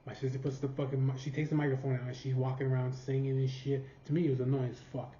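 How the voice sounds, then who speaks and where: A man's voice: medium pitch, level tone, fast talker, dark tone, a little hiss or hum. A man from California telling a rambling, profanity-filled family story in casual storytelling. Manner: profane, rambling, laughing at his own story. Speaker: vlogger. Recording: roomy, slightly dull sound.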